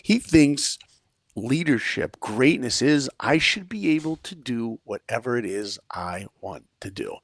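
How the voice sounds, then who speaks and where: Animated gravelly-voiced male storyteller. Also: measured pace, no room sound, studio quality. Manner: energetic, acts out quoted lines with big swings in pitch and volume. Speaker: podcast guest, filmmaker and speaker.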